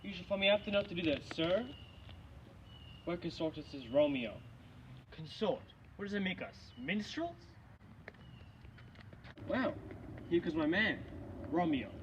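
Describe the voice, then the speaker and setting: A young man, a student actor, reciting Shakespearean street-quarrel scenes in a quick exchange. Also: sits high, animated. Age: young adult. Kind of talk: amateur Shakespeare scene acting. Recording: dull lo-fi recording with loud noise.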